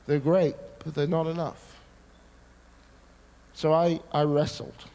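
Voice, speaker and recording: Male preacher with a raspy gravelly edge, telling stories in a big dramatic way. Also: fairly high pitch, slow pace. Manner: dramatic, animated storytelling. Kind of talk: sermon storytelling.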